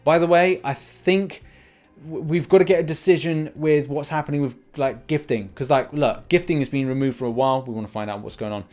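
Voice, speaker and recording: A man's voice: on the high side, fairly quick, a little mellow, soft background music. Rambling young man reading out comments. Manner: rambling, frequent restarts and fillers. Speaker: gaming channel host.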